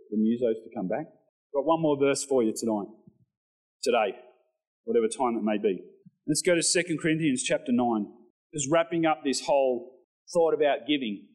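A pastor speaks at normal speed with frequent pauses, recorded in low quality. His preaching is animated, rising in pitch as he reads scripture, and he chats with the congregation in asides.

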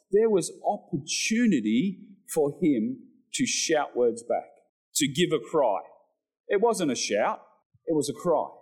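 A man preaching a sermon to his church, telling the story with animated delivery and acted-out quotes. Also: mid-range voice, breathy edge, poor audio. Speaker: pastor.

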